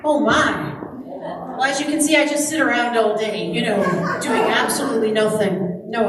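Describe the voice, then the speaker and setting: A woman's voice: a little high, background noise. A woman minister opening her sermon with joking asides. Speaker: guest minister and singer. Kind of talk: sermon with chatty asides, then singing. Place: church sanctuary. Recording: far-off mic in echoey hall with loud music. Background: instrumental music.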